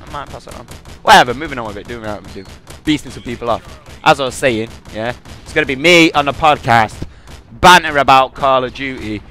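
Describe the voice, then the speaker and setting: With game gunfire going off behind him, a young man hosts a gaming podcast, offering rambling, trash-talking commentary and banter over his play. His voice is mid-range and a bit bright.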